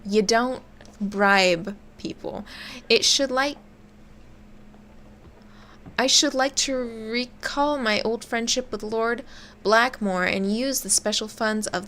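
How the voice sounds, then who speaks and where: A woman's voice: mid-range voice, a bit bright, slight background noise. Chatty young woman playing a game. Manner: chatty, swears casually, stumbles over long words. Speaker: game streamer. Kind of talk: casual gameplay commentary, reading game text aloud.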